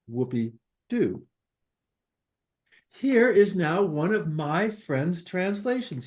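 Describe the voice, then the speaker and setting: An older man, a poet and high school teacher, reading poems aloud in a playful, exclamatory manner. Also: warm tone. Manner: playful and exclamatory, reads verse slowly and deliberately. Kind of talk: poetry reading at an open event.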